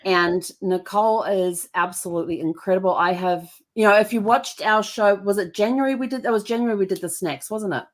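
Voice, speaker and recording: A woman's voice: medium pitch, fairly quick, hardly any pauses. Chatty middle-aged woman hosting a show. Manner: chatty storyteller with frequent fillers and laughter. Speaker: show host. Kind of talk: casual chat.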